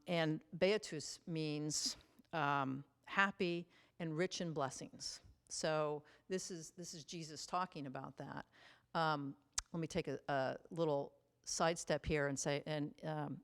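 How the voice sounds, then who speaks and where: A woman teaches a Bible study in an easygoing, conversational manner. Her voice sits low, and she often pauses on fillers and restarts her sentences as she explains. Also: smooth. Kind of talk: casual Bible study talk.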